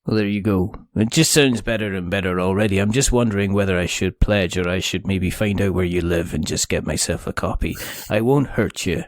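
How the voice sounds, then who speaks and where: A man's voice: low voice, brisk, few pauses, no room sound. A man hosting a podcast interview, teasing his guests and laughing often as he rambles. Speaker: podcast host.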